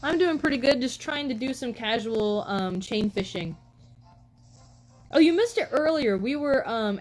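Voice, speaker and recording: A woman's voice: a little high, poor audio. A young woman chatting casually on a live stream, telling rambling stories full of "like" and "um" and greeting viewers. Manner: chatty storytelling, frequent "like" and "um" fillers.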